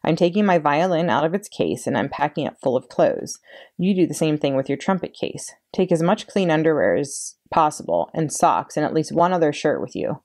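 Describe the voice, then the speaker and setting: A woman's voice: low-pitched, lively intonation, brisk, darkish tone. A woman voicing a self-assured young girl who speaks precisely and corrects grammar. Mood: planning. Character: bossy, prim older sister, about twelve.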